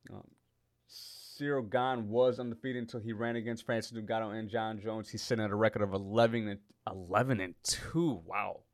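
A man's voice: fairly low pitch, steady tone, normal speed, dry recording, studio quality. A man hosting a casual fight preview, talking in a loose, joking way and often correcting himself as he rambles. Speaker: MMA podcast host.

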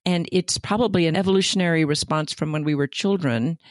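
A woman's voice: sits low, fairly quick, dry recording. Teasing woman asking questions, dry sound. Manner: teasing, playful. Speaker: interviewer. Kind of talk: casual chat.

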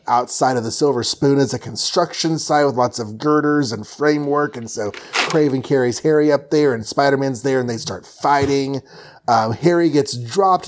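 Brief: male host, loose jokey comic recap, lots of ums. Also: medium pitch. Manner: rambling, joking, many fillers.

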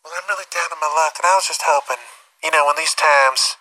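A man's voice: a little high, quick pace, bright, forceful tone, dry recording, low-quality recording. A man voicing a meek, heartbroken lady caller. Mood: pleading. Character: lonely heartbroken female radio caller, meek.

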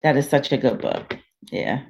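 A woman life coach speaking as a guest in a conversational interview, animated and preacherly, often acting out inner dialogue. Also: rumbling low, normal speed, creaky.

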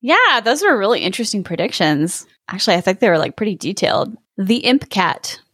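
A woman's voice: mid-range voice, sing-song, fairly quick, fairly bright tone, dry recording, studio quality. A woman reading a folk tale aloud to friends, with chatty, amused asides. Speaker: story reader and host. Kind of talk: casual storytelling read-aloud.

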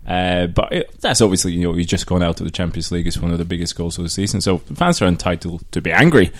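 A man with a low voice talks through the match on a podcast panel. He is measured and analytical, and calmly weighs the result against the bigger picture. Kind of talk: casual football chat.

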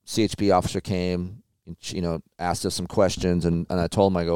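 A man with a low, smooth voice tells a story in an easygoing, profane way. The sound is close and dry, with no room around it. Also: steady tone, brisk, dark tone, dry recording. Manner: laid-back storytelling with frequent swearing. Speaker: podcast host. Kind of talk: casual chat.

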